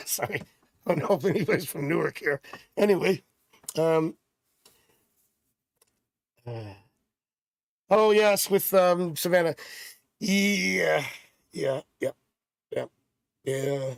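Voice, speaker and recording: Chatty man with a gravelly voice. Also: fairly high pitch, expressive, slow, pauses often, no room sound, clean studio sound. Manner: rambling and chatty, drifting into personal stories. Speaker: tarot reader hosting a live stream. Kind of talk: casual livestream chat.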